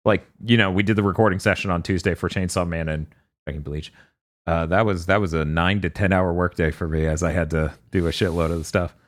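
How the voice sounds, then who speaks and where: A man's voice: deep voice, fairly even intonation, a little fast. A man hosting a casual podcast, talking loosely and swearing, acting out exchanges in mock voices. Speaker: podcast host.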